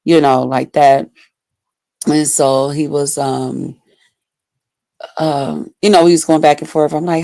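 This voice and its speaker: A woman's voice: low voice, fairly even intonation, takes it slowly, creaky, pauses often, warm tone, no echo. A woman vlogger telling a personal story to her viewers in casual, blunt, profane talk full of fillers.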